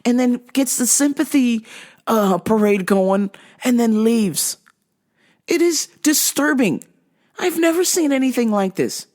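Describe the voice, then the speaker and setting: A woman's voice: on the high side, lively intonation, unhurried, darkish tone. A woman podcast host and business owner telling a story as a casual, profane, exasperated rant.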